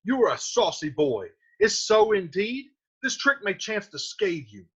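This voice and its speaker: A man's voice: high-pitched, lively intonation, normal speed, pushed and bright, husky, muffled recording, voice pushed up, heavily acted. A man voicing a commanding older head of a household who scolds a younger relative with authority. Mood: scolding.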